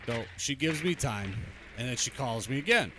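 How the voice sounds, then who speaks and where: A male streamer chats and tells stories in an animated way, cursing freely and breaking off to call out enemies. His voice sits in an ordinary middle register. A steady hiss of noise runs under the stream audio. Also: medium pitch, moderate pace. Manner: animated, swears freely, gives tactical callouts. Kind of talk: casual gaming chat and storytelling. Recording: noisy game stream audio.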